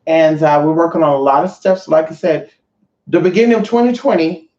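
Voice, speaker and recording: A woman's voice: low-pitched, brisk, dark tone. Brash, profane woman ranting in a roomy space. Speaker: vlogger. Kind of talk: casual rant to viewers. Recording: roomy, dull lo-fi sound.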